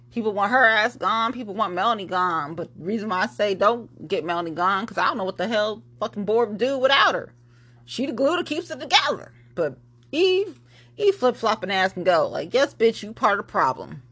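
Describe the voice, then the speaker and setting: A woman hosting her own podcast, ranting bluntly and profanely, swinging between loud outbursts and low muttering. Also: slightly rough. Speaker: podcast host. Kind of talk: unscripted solo podcast rant.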